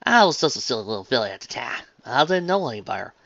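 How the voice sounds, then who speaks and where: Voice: mid-range voice, very animated, fast, creaky, a bit bright, no room sound. A reader voicing a stubborn, plainspoken country farm pony mare with a folksy drawl, on a dull lo-fi recording. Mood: sheepish. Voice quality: folksy southern-style drawl.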